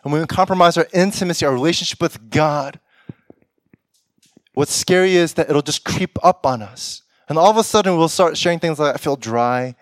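A young Korean-heritage pastor delivers a sermon, often laughing and acting out lines from people he imagines. His voice is fairly high and brisk, with clean studio sound and no echo.

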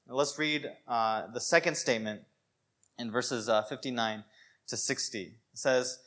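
A man preaching a sermon in a conversational, animated way, full of "you know" and "like". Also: mid-range voice, a little slow.

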